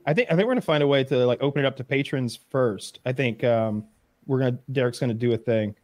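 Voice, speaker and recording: A man's voice: mid-range voice, fast talker, darkish tone, no echo. A man co-hosting a podcast, rambling through crude stories in casual banter. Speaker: podcast co-host.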